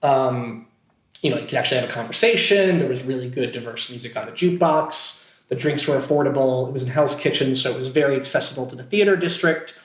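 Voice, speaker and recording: A fast-talking actor from Scranton, Pennsylvania, USA, speaks in a medium pitch as a podcast guest, casually telling a story. He's chatty and self-deprecating, full of fillers and restarts, and the recording sounds roomy and echoey.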